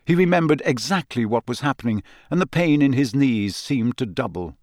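A man reading an audiobook in steady, even scripted narration. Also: medium pitch, moderate pace, hardly any pauses, no room sound, studio quality.

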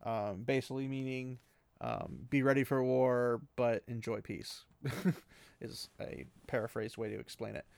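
Gravelly man recapping a book. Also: mid-range voice, steady tone, measured pace, darkish tone, no echo. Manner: rambling with fillers and laughs.

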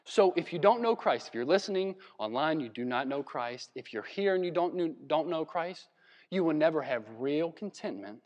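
A man from Virginia preaching a sermon in a conversational, animated way, with laughs and asides. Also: fairly high pitch, big-room sound, lo-fi sound. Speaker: pastor. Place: church hall.

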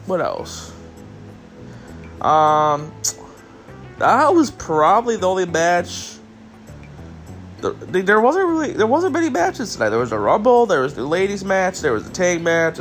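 A man's voice: high voice, big pitch swings, measured pace, long pauses, soft background music. Tired, rambling male podcast host. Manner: casual, rambling, swears, addresses listeners as guys. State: tired, yawning. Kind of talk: solo wrestling review podcast.

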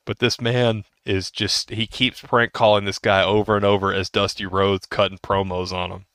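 Speaking at normal speed in a lowish voice with little pitch movement, this thirtysomething podcast co-host rambles through casual chat, restarting and laughing. His tone is a bit bright, clear, and resonant, captured clean in a studio with no room sound.

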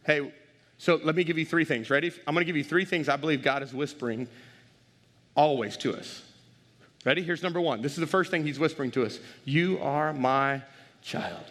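Higher-voiced preacher in a reverberant hall. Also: male voice, fast. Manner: animated, direct, engages the crowd. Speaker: pastor. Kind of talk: sermon.

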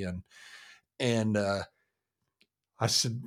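A man's voice: lowish voice, drawn-out words, pauses often. A man co-hosting an interview podcast, sharing anecdotes in a chatty way. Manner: anecdotal, animated storytelling. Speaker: co-host.

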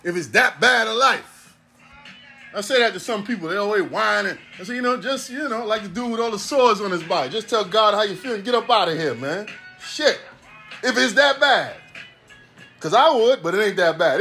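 A man's voice: sits high, lively intonation, normal speed, bright, forceful tone, soft background music. A man in his forties from Ohio, hosting a casual monologue in a profane, rambling way with a preacher-like cadence. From Ohio, USA. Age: 40s. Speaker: podcast host.

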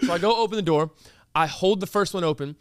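A young man telling a story in a casual chat, animated and loose, with plenty of fillers. His voice sits high for a man, and the sound is close and dry. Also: fast, no room sound.

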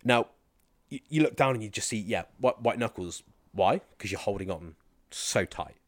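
A fitness and mindset coach guests on a podcast, chatting casually in a voice on the low side at a moderate pace, with no echo. He tells stories animatedly and slips into mimicking other people's accents.

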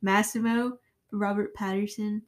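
A woman's voice: mid-range voice, little pitch movement, a little slow, slight background noise. Dry-voiced young woman asking questions. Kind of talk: casual chat.

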